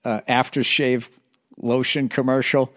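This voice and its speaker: A man hosting a podcast with a hoarse, strained voice, talking in a low-energy, self-mocking casual ramble full of swearing. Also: level tone, unhurried, a bit bright. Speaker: podcast host.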